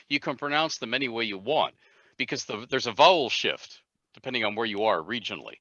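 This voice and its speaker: An older man from Canada, a guest game designer telling stories in an animated way on a casual panel chat. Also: medium pitch, fairly quick, no echo, soft background music. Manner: animated storyteller, leans into words. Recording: dry, dull lo-fi call audio.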